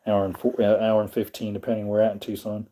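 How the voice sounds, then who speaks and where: A man's voice: lowish voice, completely flat delivery, fast talker, mellow. A man hosting a casual livestream, rambling and answering his chat as he talks. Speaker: livestream host.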